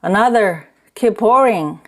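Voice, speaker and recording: A woman's voice: mid-range voice, slow, a little mellow, close to an everyday voice. A woman reading an audiobook, voicing a drunk middle-aged rickshaw man who bellows and blusters between rage and grief. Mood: drunken rage.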